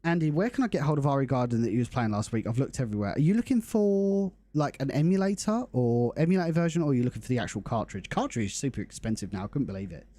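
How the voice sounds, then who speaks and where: A young man hosts a game live stream. His voice is mellow and warm, at a middling pitch. He chats casually and upbeat, greeting his viewers by name. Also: lively intonation, fast, hardly any pauses, no room sound. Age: young adult. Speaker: livestream host.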